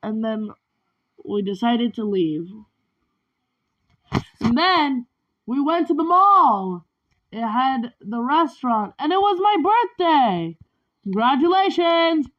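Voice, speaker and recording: A woman's voice: on the high side, very animated, slow, pauses often, muffled recording. A woman telling a rambling personal story in a vlog, chaining each event with "and then". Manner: strings events together with repeated "and then". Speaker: vlogger.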